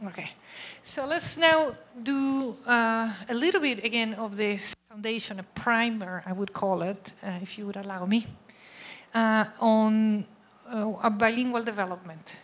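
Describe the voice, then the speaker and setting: A woman's voice: fairly high pitch, unhurried, fairly bright tone. A woman giving an academic lecture in a conversational way, often checking in with her audience. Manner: conversational, checks understanding with frequent "okay?" and "right?". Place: lecture room.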